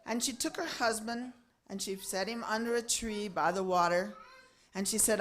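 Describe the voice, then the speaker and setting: A woman telling a religious story to a gathering, expressive and acting out the characters' voices. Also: normal speed. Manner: expressive, swinging pitch and loudness, acting out voices.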